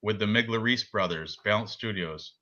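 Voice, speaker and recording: A man's voice: lowish voice, moderate pace, pushed and bright, lo-fi sound. A man in his forties chatting casually about fight picks as a podcast co-host, joking and laughing often. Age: 40s. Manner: joking, laughs often, does silly voices.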